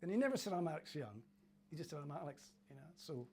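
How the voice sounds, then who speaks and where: An older man from Cornwall recalls his playing days in a relaxed interview. His voice sits a touch high for a man, and he laughs easily while mimicking the people in his anecdotes. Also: fast talker, slight background noise. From Cornwall, England. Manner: chatty, laughing, acts out voices in his stories. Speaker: former footballer, interview guest.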